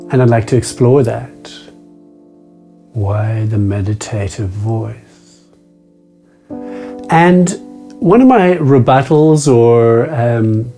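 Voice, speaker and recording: A man with a dark, mid-range voice hosts a meditation video, chatting casually to the camera. He's playful and pokes fun at himself, shifting between rapid banter and slow, deliberate phrasing.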